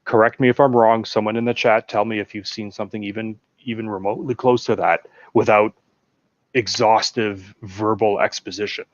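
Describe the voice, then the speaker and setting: Animated man on a dull lo-fi mic. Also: fairly low pitch, moderate pace, dry recording. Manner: animated, acts out film dialogue. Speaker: guest. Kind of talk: casual chat about films.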